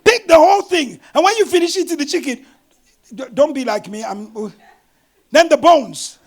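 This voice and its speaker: A middle-aged man, a pastor, preaching a sermon with animated storytelling and bursts of shouting. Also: very high voice, normal speed.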